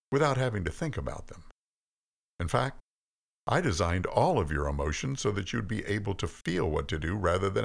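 A man's voice: sits low, gravelly, full character voice. A man doing a stern, patient God. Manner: stern, then soft and calm. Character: stern but patient male God, all-powerful.

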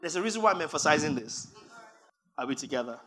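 High, bright-voiced male preacher. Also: animated, fast talker. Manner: emphatic, reads scripture aloud, builds to shouting. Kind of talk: sermon.

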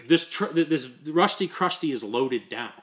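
A man's slightly high, expressive voice moves at a moderate pace as he hosts a podcast. He rambles through a long story in a casual conversational way, often repeating words and laughing while he talks.

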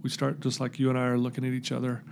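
Male guest, earnest storyteller, dark gravelly tone, voices each person in his tale. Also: medium pitch, completely flat delivery, rapid-fire, a little hiss or hum. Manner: recounts events by acting out quoted dialogue; earnest, emotional. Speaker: podcast guest.

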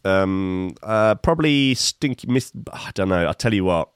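A man's voice: low-pitched, animated, measured pace, smooth, no room sound, clean studio sound. A man in his fifties reading odd news stories and adding wry, rambling comic asides, with many fillers. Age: 50s. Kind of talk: casual comic news commentary.

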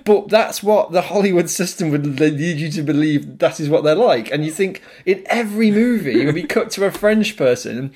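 A man's voice: a little high, expressive, normal speed, hardly any pauses, darkish tone, breathy edge. A man co-hosting a casual film chat, talking freely and laughing often as he pokes fun at stereotypes. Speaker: podcast co-host.

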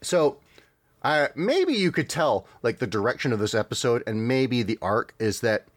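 A man hosting a podcast talks through a cartoon episode in a loose, rambling manner, full of fillers and small laughs. His mid-pitched voice is recorded close and dry, with no room sound. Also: sing-song, moderate pace, dry recording. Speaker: podcast host. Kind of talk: casual podcast chat reviewing cartoons.

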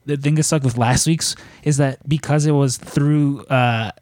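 A man's voice: mid-range voice, fairly even intonation, unhurried, darkish tone, no room sound. A man co-hosting a podcast, talking casually with lots of fillers and long run-on intros. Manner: rambling, filler-heavy intros. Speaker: podcast co-host.

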